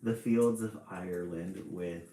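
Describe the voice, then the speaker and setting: Brief: low-voiced man reading picture books aloud and chatting, very unhurried, in a roomy space with faint ambience. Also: a little hiss or hum. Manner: slow, relaxed, chatty with small laughs. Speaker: storybook reader on a live stream.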